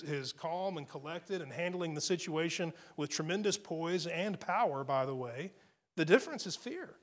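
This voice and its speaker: A man preaches a sermon in an easy, talky way, his voice sitting a little higher than most men's. He often restarts phrases and leans on rhetorical questions as he works through his point. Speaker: pastor.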